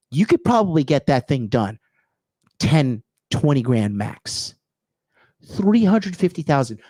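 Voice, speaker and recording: A man's voice: a little high, a little mellow, no room sound, clean studio sound. A man hosting a show, delivering heated, profane political commentary in an emphatic rant. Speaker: host.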